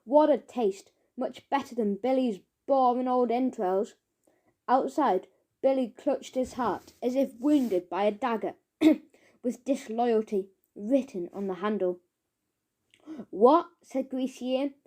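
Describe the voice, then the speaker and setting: A woman narrating a children's audiobook, chanting its rhymes with lively rhythm. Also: fairly high pitch, unhurried.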